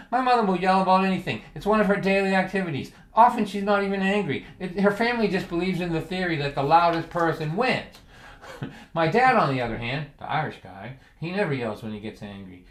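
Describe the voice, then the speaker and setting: A man telling humorous stories on a livestream in a dry, wry way. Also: high voice. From Massachusetts. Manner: wry, deadpan with bursts of loud acted quotes. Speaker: folk singer and storyteller. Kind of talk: humorous storytelling. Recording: echoey room.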